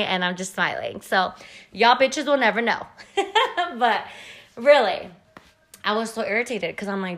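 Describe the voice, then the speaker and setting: A woman's voice: medium pitch, moderate pace, a bit bright. A woman in her thirties hosting a podcast, telling a story in a blunt, profane, chatty way full of "like" fillers. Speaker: podcast host. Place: at home.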